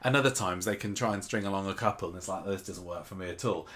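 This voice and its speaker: A low-pitched man talks fast over a noisy crowd in a casual podcast chat about a soap opera. He muses aloud, restarting often and quoting the characters' dialogue as he goes.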